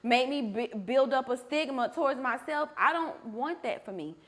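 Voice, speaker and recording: Blunt, high-voiced woman host. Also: lively intonation, normal speed. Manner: blunt, emotional, swears freely. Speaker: podcast host. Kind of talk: candid conversation over a meal.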